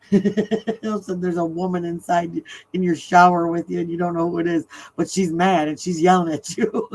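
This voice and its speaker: A woman's voice: on the low side, fairly even intonation, normal speed, darkish tone, poor audio. Woman, middle-aged, livestream host, casual chat, laughs a lot, rambling storyteller, home mic. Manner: chatty, laughs often while telling stories. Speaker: true crime livestream host.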